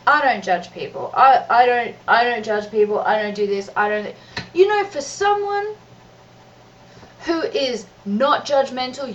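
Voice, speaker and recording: High-voiced mother ranting from afar. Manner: exasperated, emphatic, restarts often. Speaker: mother and vlogger. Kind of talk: ranting vlog monologue. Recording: distant, dull lo-fi recording with faint noise.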